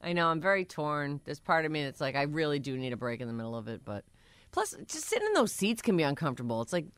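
A woman co-hosting a relaxed radio chat, playful and quick to laugh. Her pitch moves a lot as she talks. The sound is close and dry. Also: smooth, no echo. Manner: animated, laughs often, playful. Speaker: radio co-host. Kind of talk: casual chat.

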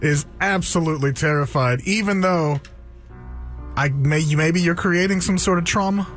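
A man co-hosting a talk show, chiming in with quick reactions and laughing along during casual chat. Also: fairly high pitch, soft background music. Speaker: radio show co-host.

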